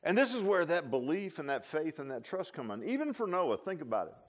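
Folksy and conversational, this pastor preaches briskly, his pitch swinging widely between loud, emphatic calls and low, quiet asides. For a man, his voice sits a touch high.

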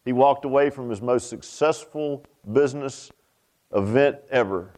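An older man preaching a sermon in a folksy, animated way, repeating phrases for emphasis. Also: mid-range voice, measured pace. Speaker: pastor.

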